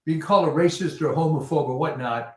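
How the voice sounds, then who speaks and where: A man's voice: fairly high pitch, a little fast, darkish tone, reverberant. A man speaking as a guest on a talk show, hesitant with many fillers. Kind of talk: casual conversation.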